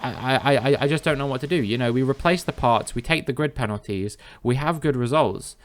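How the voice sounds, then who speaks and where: A man narrating and commenting over his own racing gameplay, steady play-by-play that breaks into exasperated, animated outbursts. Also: medium pitch, a little fast. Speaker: gaming commentator.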